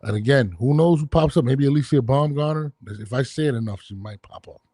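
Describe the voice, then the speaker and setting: A man's voice: medium pitch, a little fast, warm tone, husky, no echo, clean studio sound. A man hosting a podcast, chatting in an easygoing, friendly way. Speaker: podcast host. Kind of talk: casual podcast chat.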